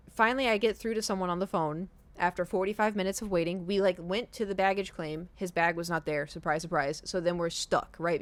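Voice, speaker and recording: A woman's voice: on the low side, no room sound. Chatty young woman streamer, dry sound. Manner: chatty, animated, with many likes and laughs. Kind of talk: casual storytelling.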